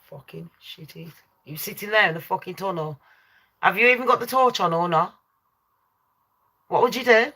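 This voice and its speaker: A woman's voice: medium pitch, lively intonation, normal speed, pauses often. Brash sweary woman telling ghost stories. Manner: loud, sweary, laughs and shrieks often. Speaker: live stream host. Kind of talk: casual storytelling to chat.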